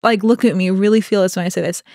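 A young adult woman co-hosting a podcast, telling a personal story in a casual, animated way, laughing often and acting out what people said. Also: mid-range voice, fast, no room sound, studio quality. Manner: animated, laughing, quotes people in acted voices. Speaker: podcast co-host.

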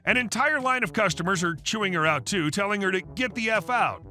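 High, bright synthetic male narrator. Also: lively intonation, fairly quick. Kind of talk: scripted story narration. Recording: faint music underneath.

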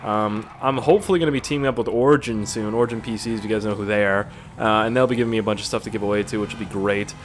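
A man's voice: fairly low pitch, fairly even intonation, very fast, few pauses, slight background noise. A young man chatting casually while playing a game, rambling and profane, jumping between stories and the action. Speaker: gaming YouTuber. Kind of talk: casual gameplay commentary.

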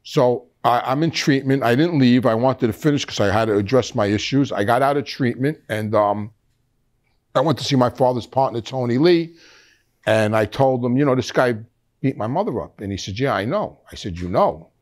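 A man's voice: medium pitch, lively intonation, normal speed. A man in his sixties, a guest in an interview, rambling through a story with many restarts. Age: 60s. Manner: rambling, frequent restarts, acts out quoted voices.

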